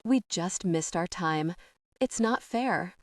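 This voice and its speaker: A woman reading an audiobook, voicing an earnest young man who talks in a low, dry, carefully measured way. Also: lively intonation, no room sound. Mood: wistful. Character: earnest young man, gentle, quietly heartbroken.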